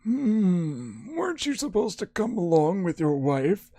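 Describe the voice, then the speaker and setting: A man voicing a mysterious woman psychic in a text game, speaking slowly and measured. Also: high voice, very animated, dark tone, no room sound, pitched above the performer's own voice, full character voice. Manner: slow, measured.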